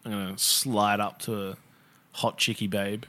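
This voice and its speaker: A man's voice: fairly low pitch, level tone, measured pace, sharp tone. A man, co-hosting a podcast, ranting and swearing in casual banter. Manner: ranting, mocking impressions. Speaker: podcast co-host.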